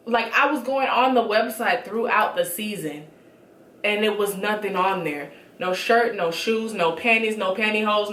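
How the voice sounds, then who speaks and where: A woman with a high voice gives a casual reality show recap, sassy and blunt. She talks with animated attitude. Her voice rings in a roomy space with a noticeable echo.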